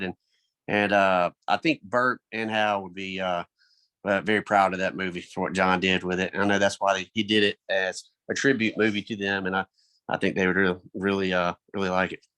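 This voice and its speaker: A man hosting a casual interview, eager and quick to laugh, giving short affirmations. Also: on the low side, pushed and bright, no room sound. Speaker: podcast host.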